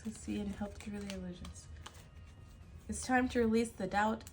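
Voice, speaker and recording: A woman's voice: medium pitch, fairly even intonation, normal speed, soft background music. A woman giving a casual tarot reading, emphatic, often laughing and sighing. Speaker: tarot reader.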